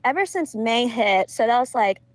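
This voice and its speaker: A chatty young woman from Georgia tells a story as a podcast guest, her voice sitting a little high. She fills her sentences with small filler words and breaks into laughter often. The sound is close and dry, with no room around it. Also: lively intonation, normal speed, dry recording, low-quality recording. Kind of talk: casual storytelling.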